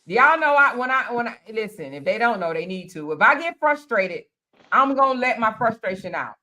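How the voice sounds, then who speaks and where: Woman host, casual group chat, blunt, cussing, repeats herself, slightly high voice. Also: sing-song, moderate pace, sharp tone. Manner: blunt, swears freely, repeats phrases for emphasis. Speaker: panel host.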